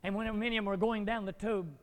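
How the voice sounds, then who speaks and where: A man preaching a dramatic sermon, acting out biblical figures and climbing to near shouts. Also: high voice, steady tone, quick pace. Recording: long hall reverb.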